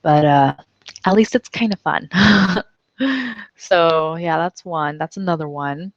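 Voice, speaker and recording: A woman teaching an English class in a casual, chatty way, laughing often and reading example sentences out slowly. She is tired and her jaw is numb. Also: low-pitched, dry recording, lo-fi sound. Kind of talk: casual online English lesson.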